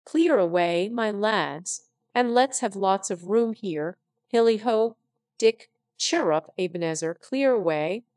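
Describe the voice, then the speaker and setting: A man's voice: high voice, animated, slow pace, dry recording, clean studio sound, heavily acted. A woman voicing a jolly, boisterous old male merchant who calls out heartily. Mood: jovial. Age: older. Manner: hearty, shouting cheerfully.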